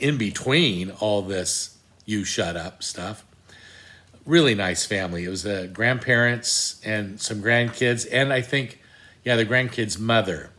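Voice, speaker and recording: A man's voice: mid-range voice, bright, forceful tone. An older man telling a casual, wry, self-deprecating story, with many fillers and restarts. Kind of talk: casual anecdote.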